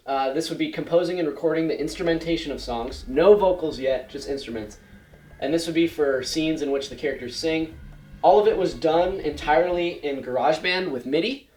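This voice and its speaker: A young man in his late teens giving a casual, chatty slideshow presentation, explaining step by step and often saying "like" and "so". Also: a little high. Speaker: student presenter. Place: school presentation room. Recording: roomy echo with faint music.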